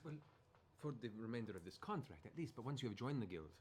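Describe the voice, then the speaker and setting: A man narrating as game master of a tabletop game, relaxed and halting, with many fillers. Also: mid-range voice, a little hiss or hum.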